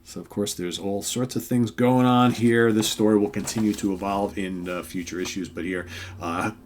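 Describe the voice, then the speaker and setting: A man's voice: fairly low pitch, steady tone, moderate pace, slight background noise. Rambling older man reviewing comics. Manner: rambling, lots of "right?" and "of course". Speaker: comic book reviewer host. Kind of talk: casual comic read-through.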